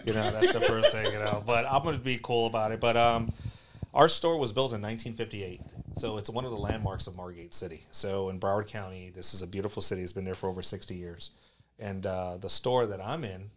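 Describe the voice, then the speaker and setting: A man from South Florida, a collectibles store owner, telling a story as a podcast guest with lively acted-out quotes. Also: fairly low pitch, brisk, slight background noise. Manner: animated, acts out quoted voices loudly.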